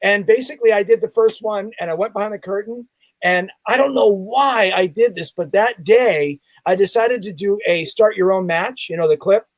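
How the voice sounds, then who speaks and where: A man's voice: high-pitched, moderate pace, no echo. A man being interviewed as a podcast guest, telling a story with lots of animation and acting out the sounds and voices in it. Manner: acts out sounds and quoted voices.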